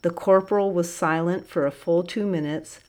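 A woman narrating an audiobook in a calm, even way. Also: on the low side, moderate pace.

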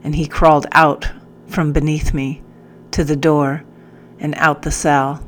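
A woman narrating a first-person audiobook in a measured, earnest way. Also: low-pitched, little pitch movement, faint music behind.

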